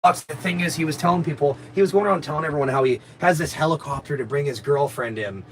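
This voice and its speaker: A man's voice: on the high side, quick pace, a little hiss or hum, rough recording. A man, a live streamer, telling his viewers a story in a rambling, profane and aggrieved way.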